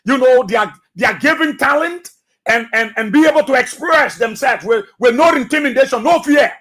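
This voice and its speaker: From a radio studio, a Liberian English-accented man hosts a talk show at a moderate pace, his voice extremely high and fairly bright. His commentary is emphatic, leaning on repeated phrases and rhetorical questions.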